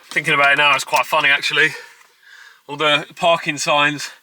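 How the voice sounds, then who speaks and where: Bright-voiced man vlogging on the road. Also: a little high, normal speed, dry recording, low-quality recording. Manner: chatty, excitable, talks to camera while driving. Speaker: travel vlogger. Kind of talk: casual travel vlog chat. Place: in a car and outdoors.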